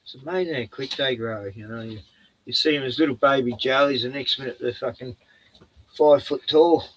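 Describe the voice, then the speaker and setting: A man's voice: mid-range voice, brisk, slight background noise, low-quality recording. A middle-aged Australian man streaming from home, rambling in a profane, chatty way, laughing often and cooing at his dog. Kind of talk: rambling casual monologue.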